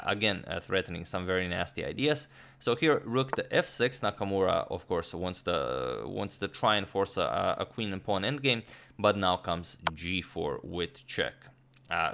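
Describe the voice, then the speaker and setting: A man analyzing a chess game move by move, explaining with frequent pauses, restarts and filler sounds. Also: deep voice, gravelly, a bit bright, slight background noise. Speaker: chess commentator.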